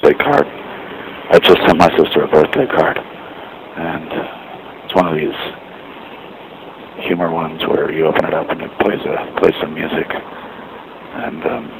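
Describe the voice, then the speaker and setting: A man's voice: extremely low pitch, level tone, a little slow, vocal fry, pauses often. A man talking in a rambling, dry, self-deprecating way, recorded outdoors by a parking lot with traffic noise behind. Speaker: vlogger. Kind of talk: rambling casual monologue.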